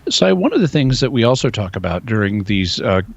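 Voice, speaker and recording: Low-voiced man explaining on radio. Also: very animated, brisk, vocal fry, husky, no echo, lo-fi sound. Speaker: radio show guest expert answering questions. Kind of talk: explaining on live call-in radio. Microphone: studio microphone.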